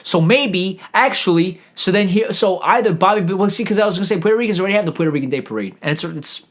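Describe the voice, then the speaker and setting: A man's voice: sits high, fast talker. A man holds forth alone on his podcast, talking in loose, profane tangents. He stumbles over his words and restarts his sentences again and again as he goes. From New York. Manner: rambling, profane, lots of restarts and stammering. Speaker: podcast host. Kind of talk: rambling profane monologue.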